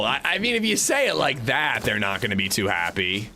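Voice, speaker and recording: Male game streamer, casual chatter with viewers, lively pitch. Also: a little fast, slight background noise. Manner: chatty, reads and answers chat. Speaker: gaming livestreamer. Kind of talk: casual gameplay commentary.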